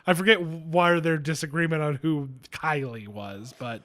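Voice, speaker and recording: Guy with a high voice cohosting a movie podcast, swears a lot, trips over his words, super casual. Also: unhurried, fairly bright tone. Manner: loose, swearing, frequent restarts. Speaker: podcast co-host. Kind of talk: casual movie review chat.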